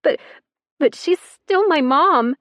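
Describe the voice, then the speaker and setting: A woman voicing a crying young teenage girl with a watery, hoarse voice. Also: sits high, a little slow, dry recording, pitched above the performer's own voice. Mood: tearful.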